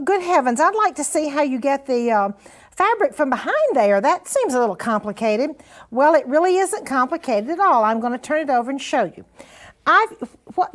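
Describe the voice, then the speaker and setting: An older woman hosting a sewing show, demonstrating steps in a folksy, encouraging way. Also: high-pitched. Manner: chatty, folksy, encouraging, says "honey" and "now then".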